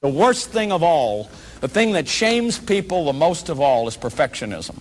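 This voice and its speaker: Male workshop lecturer, higher voice; animated, acts out what people say, restarts sentences often. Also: moderate pace, faint music behind. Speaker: lecturer on shame and addiction.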